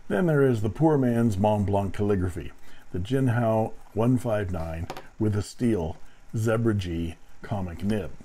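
Male reviewer, deep and mellow, dry wry delivery while demonstrating pens. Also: poor audio. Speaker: fountain pen reviewer. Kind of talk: product review narration.

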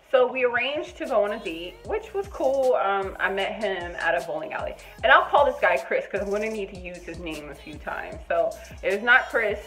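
A young adult woman vlogging a casual storytime, animated and chatty, jumping between loud high bursts and quiet muttered asides. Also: low-quality recording.

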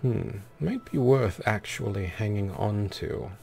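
A man narrates his gameplay in a lofty, theatrical persona, sprinkling his talk with darling and dear. His voice sits low and carries a gravelly rasp. He speaks slowly, and soft game music plays behind him. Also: expressive. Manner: theatrical, affected and pompous, calling characters darling and dear. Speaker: let's play host. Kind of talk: gameplay commentary in a pompous persona.

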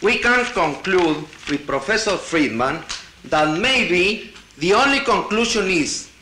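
Man, high voice, halting with restarts, conference speech, echoey 1960 hall tape. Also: expressive, bright, forceful tone, a little hiss or hum. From Latin America. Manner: halting, with restarts and wry asides. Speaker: conference delegate. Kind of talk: conference speech, partly reading a paper aloud.

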